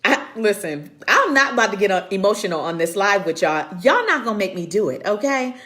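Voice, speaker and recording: A woman's voice: medium pitch, sing-song, fairly quick, fairly bright tone. A woman hosting a live-streamed faith talk, speaking earnestly in a preacherly way and greeting viewers by name. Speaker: women's conference host and speaker. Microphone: computer camera mic.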